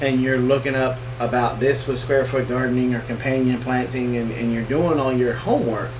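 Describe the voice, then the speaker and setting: A man's voice: mid-range voice, fairly even intonation, moderate pace. A man co-hosting a casual live question-and-answer chat, joking and teasing as he talks. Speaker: co-host of homestead channel. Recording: distant mic with noisy background.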